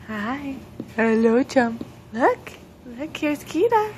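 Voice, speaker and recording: A woman's voice: sits high, animated, slow, long pauses, a bit bright, a little hiss or hum. A woman talking baby talk to her little son at home, coaxing and sing-song with gasps of delight, recorded on a home video camera. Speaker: mother filming her baby. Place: indoors at home, child's room.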